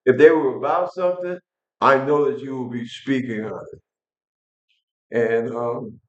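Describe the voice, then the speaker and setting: A man's voice: medium pitch, steady tone, unhurried, roomy sound, highs cut off. An older man from New York, angry and blunt, ranting casually to his viewers with frequent restarts. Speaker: vlog host. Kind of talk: casual political rant to camera.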